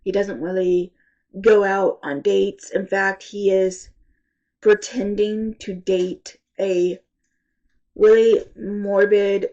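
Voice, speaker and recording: A woman reviewing books in a casual, rambling chat, halting often and sounding congested from allergies. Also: mid-range voice, fairly even intonation, mellow, muffled recording. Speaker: book reviewer.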